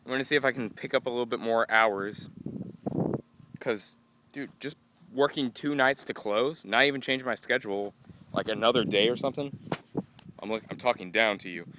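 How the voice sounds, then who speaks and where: A tired young man rambling goofily to a handheld camera outdoors in a casual vlog, breaking into excited yelps. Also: mid-range voice, moderate pace, noisy background. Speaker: vlogger.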